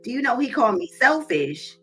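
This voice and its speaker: A woman's voice: on the high side, sing-song, fairly quick, bright, forceful tone, breathy edge, faint music behind. A woman hosting a live stream, who tells her own story candidly and speaks straight to her viewers. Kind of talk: casual live-stream talk.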